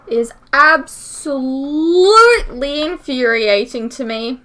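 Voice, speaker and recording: In a casual reaction vlog, a young woman rants in frustration, swearing often and stuffing her speech with "like." Her high-pitched voice is animated, pushed, and bright, though her pace is a little slow.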